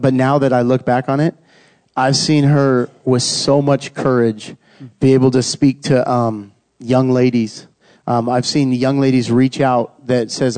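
A man tells his family's faith story in a relaxed, conversational way. His voice is mellow and warm, and he often slips into short quoted asides. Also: mid-range voice, a little slow. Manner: casual, earnest, uses quoted asides. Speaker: husband sharing testimony.

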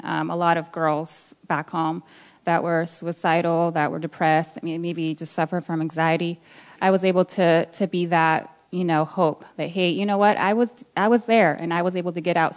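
A woman sharing a personal faith testimony, nervous and emotional, speaking softly with halting restarts. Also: on the low side.

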